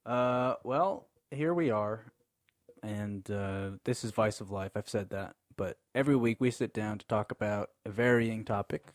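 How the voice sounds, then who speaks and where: A man's voice: on the low side, a little slow, no echo, studio quality. A young man hosting a casual podcast chat, loose and rambling, laughing often and cursing casually. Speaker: podcast host. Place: small room with co-hosts in person.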